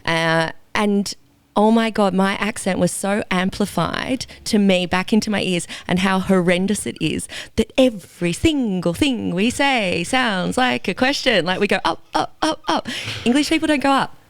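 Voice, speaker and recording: An Australian woman chats casually as a co-host and wanders happily off topic into stories. Her voice is smooth and clear. The recording is close and dry. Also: medium pitch, normal speed, no room sound. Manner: chatty, digressive storyteller. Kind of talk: casual chat.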